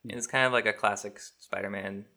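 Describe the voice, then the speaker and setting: Bright-voiced man trading jokes. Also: lowish voice, fairly even intonation, fast talker. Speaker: podcast co-host. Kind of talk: casual chat.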